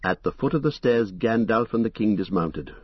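A man reading a fantasy novel as an audiobook, in a steady, measured way. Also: fairly low pitch, breathy edge, no room sound, lo-fi sound. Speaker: narrator. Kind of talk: scripted audiobook narration.

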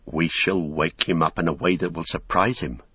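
A man's voice: low voice, steady tone, normal speed, slightly rough, no room sound, highs cut off. A man voicing a bold young male hobbit in an audiobook, firm and impatient.

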